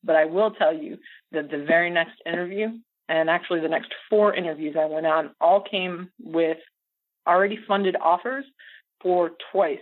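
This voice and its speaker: A middle-aged American woman telling a story as a podcast guest, animated and laughing often. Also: on the low side, normal speed. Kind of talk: casual storytelling interview. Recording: phone-like audio.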